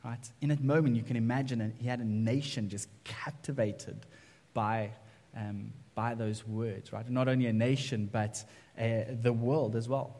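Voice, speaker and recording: A man's voice: medium pitch, flat delivery, moderate pace, dark tone. A man preaching a conversational sermon as pastor, often checking in with "right?". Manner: conversational, keeps asking "right?". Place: church sanctuary. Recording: echoey church hall reverb.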